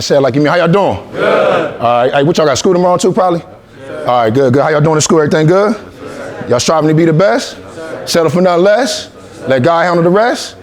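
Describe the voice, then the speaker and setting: Forties motivational speaker from Ohio, rapid delivery, slightly high voice, call-and-response with the room. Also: male voice, darkish tone. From Columbus, Ohio. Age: 40s. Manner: call-and-response, repetitive, coaxing. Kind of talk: motivational talk to young athletes.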